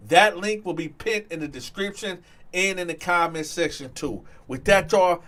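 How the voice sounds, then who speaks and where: A man hosting a storytime channel, talking straight to his viewers in an animated way, with frequent "y'all" and stammered restarts. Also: a little high, normal speed, heavy background noise. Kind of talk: casual storytime monologue.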